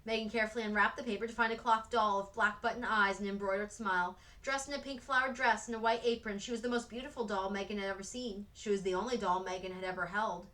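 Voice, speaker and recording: A woman teacher reading a chapter book aloud with steady, expressive storytelling. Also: medium pitch, fast talker, few pauses, rough recording. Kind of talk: read-aloud narration.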